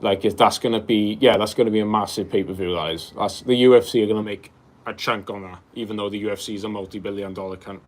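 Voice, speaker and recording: Fielding viewer questions on his livestream, a twenty-something host from Wales talks quickly in a lowish, steady voice. He rambles casually, says bro a lot, and leans on um and like to fill gaps.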